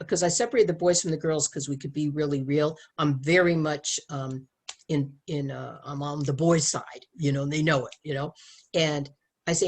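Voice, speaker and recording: A middle-aged woman with a low, husky voice talks in a casual conversation. She is earnest and animated, often restarting her sentences. Her stories come from her work as a sex educator.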